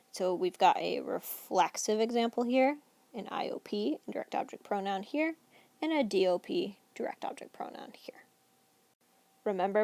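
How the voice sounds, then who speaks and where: A woman teaching a recorded Spanish grammar lesson, explaining each rule clearly and reading example sentences aloud. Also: mid-range voice, a little mellow, no room sound.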